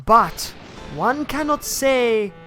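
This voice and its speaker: A streamer voicing a theatrical female fortune-teller spirit in a put-on Jamaican accent, speaking in slow, grand, mystical pronouncements. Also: medium pitch, expressive, sharp tone, faint music behind, full character voice.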